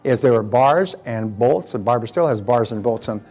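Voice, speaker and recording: An older motivational speaker gives a talk in a mid-range, expressive voice with a darkish tone, speaking a little fast. He's conversational and anecdotal, repeating words and using fillers.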